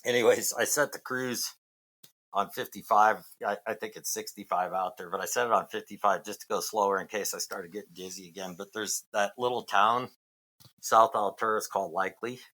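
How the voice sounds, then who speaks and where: A man's voice: fairly low pitch, steady tone, a little fast, pushed and bright. A middle-aged man from Massachusetts, a podcast guest, telling a long story in a rambling way with many fillers and restarts. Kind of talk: casual storytelling.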